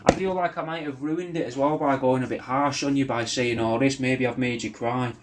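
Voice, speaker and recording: A man's voice: medium pitch, steady tone, a little fast, heavy background noise. A man rambling through a personal video message, swearing a lot and often restarting his sentences. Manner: rambling, sweary, self-deprecating, with many restarts.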